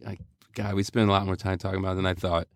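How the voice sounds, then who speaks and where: A man's voice: low-pitched, level tone, racing, no room sound, studio quality. A man co-hosting a casual sports podcast, wry and joking, with conspiratorial asides. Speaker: podcast co-host.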